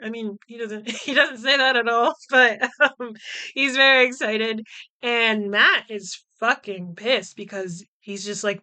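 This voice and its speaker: A woman hosting a casual podcast, chatting in an animated way with frequent laughs and fillers. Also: fairly high pitch, measured pace, clean tone. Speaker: podcast host. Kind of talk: casual podcast chat recapping a film.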